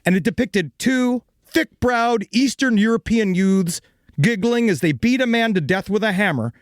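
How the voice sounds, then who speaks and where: A man's voice: sits high, expressive, moderate pace, no room sound, clean studio sound. An American man hosting a comedy podcast, narrating a true crime story in a playful, theatrical way. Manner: playful, theatrical, laughs often.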